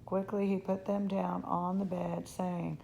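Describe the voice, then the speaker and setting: Reading aloud from a children's chapter book, the same reader keeps a steady storytelling pace that's a little slow, sometimes tripping over words. Her voice is low, mellow, and very gravelly, with faint background noise and poor audio quality.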